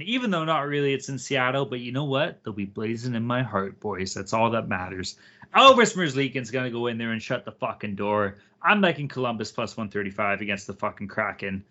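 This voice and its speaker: A man's voice: medium pitch, bright, forceful tone, lo-fi sound. A man co-hosting a sports betting podcast, casual, profane and hyped as he talks. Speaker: podcast co-host.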